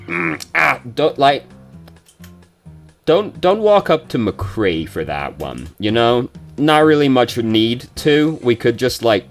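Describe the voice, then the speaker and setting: Low-voiced man casually reviewing gameplay. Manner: swears and rants when frustrated, quick asides. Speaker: game reviewer.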